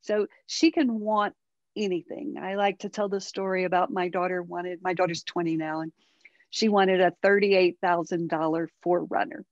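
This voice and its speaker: A woman's voice: lowish voice, normal speed, no room sound, dull audio. A middle-aged woman, a parenting guest in an interview, talking animatedly and often checking in with "right?". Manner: animated, acts out quoted dialogue, many tag questions. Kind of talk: interview conversation.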